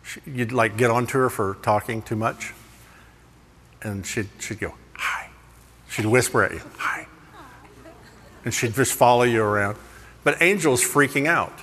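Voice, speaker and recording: A man preaching a sermon, telling funny stories in an animated, self-deprecating way. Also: mid-range voice, fairly quick, in a large hall. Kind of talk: humorous sermon storytelling.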